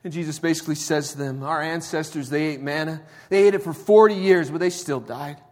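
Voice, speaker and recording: Casting note: male preacher, slightly high voice, casual then emphatic delivery, long reverb of a sanctuary. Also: fairly quick. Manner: conversational preaching, swinging from quiet to emphatic. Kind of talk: sermon.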